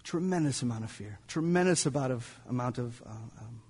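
A man's voice: medium pitch, lively intonation, fairly quick, darkish tone, husky, long reverb tail. A male pastor preaching a sermon in a church, telling a story dramatically and sometimes dropping to near-whispers. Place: church sanctuary.

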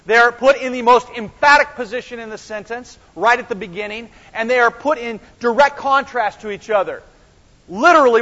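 Animated preacher with a high voice. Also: male voice, normal speed. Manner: animated, acts out dialogue with big swings in loudness. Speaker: pastor. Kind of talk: sermon. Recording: dull sound with long church reverb.

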